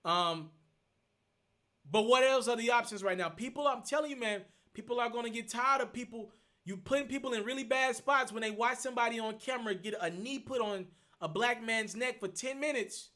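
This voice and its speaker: A man's voice: very high voice, brisk, sharp tone. A man, hosting a live stream, thinking aloud as he answers viewer questions and repeating his points in an earnest, casual way. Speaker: host.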